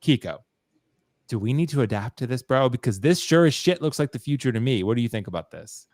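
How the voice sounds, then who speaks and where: A man's voice: mid-range voice, expressive, fairly quick, darkish tone, dry recording, studio quality. A man from Maryland hosting a casual livestream. He talks in a laid-back way, swears freely and laughs often. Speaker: livestream host.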